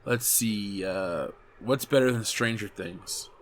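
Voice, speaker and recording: Man, thirties, casual chat host, animated, swearing, self-correcting. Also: fairly low pitch, slow, slight background noise. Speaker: show host reading live chat.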